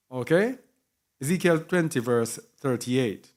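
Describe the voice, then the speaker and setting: Male preacher, slightly high voice, emphatic teaching style with repetition and spelled-out words. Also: expressive, measured pace, long pauses. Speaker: Bible teacher. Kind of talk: sermon teaching.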